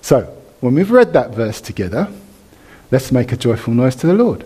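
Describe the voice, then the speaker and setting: A man preaching a sermon in church, animated, leading the congregation in reading and response. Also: medium pitch, moderate pace, breathy edge.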